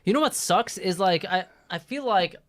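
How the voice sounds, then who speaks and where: Rambling, hesitant co-host with a higher voice. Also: male voice, animated, normal speed, fairly bright tone. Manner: hesitant, rambling, full of fillers. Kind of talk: casual live-stream chat.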